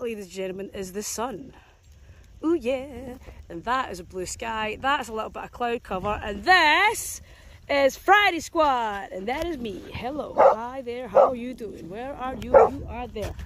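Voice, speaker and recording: A woman's voice: a little high, lively intonation, unhurried, heavy background noise. A Scottish woman chatting playfully on a casual vlog while walking dogs outdoors in a grassy field, talking to the dogs as she films on a handheld phone. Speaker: dog walker.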